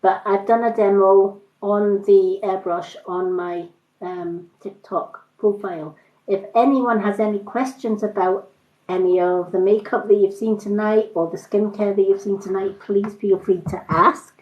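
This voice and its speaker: Unhurried and fairly even in intonation, this medium-pitched woman chats on a live stream as she sells skincare and makeup. She meanders from story to story with frequent fillers, heard through a roomy, slightly muffled recording.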